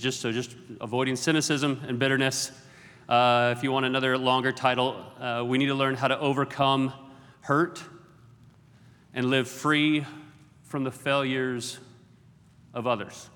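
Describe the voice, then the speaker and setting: Middle-aged male guest preacher, mid-pitched, wry and jokey, long hall reverb. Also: steady tone, moderate pace, a bit bright. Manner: jokey, self-deprecating asides. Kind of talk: sermon. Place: large auditorium.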